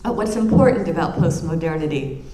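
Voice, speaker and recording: A low, mellow-voiced woman delivers an academic lecture, earnest and reflective, pausing to restart her phrases as she thinks aloud. Her voice carries through a roomy lecture room with a faint hum of ambience behind it. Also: animated. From United States.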